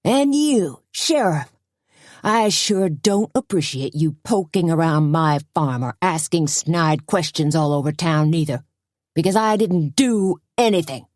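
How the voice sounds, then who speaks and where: Brief: female narrator voicing a surly male farmer, loud and defiant, lower and darker than most. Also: animated, a little slow, no echo, clean studio sound. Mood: snarling. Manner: defiant, huffy, country talk. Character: angry middle-aged male farmer, snarling.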